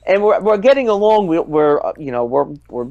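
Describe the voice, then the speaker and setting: A man from the United States, co-hosting a casual podcast chat and telling stories in an animated way over a remote call. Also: sits high, a little fast, highs cut off. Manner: animated storyteller acting out quotes. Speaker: co-host.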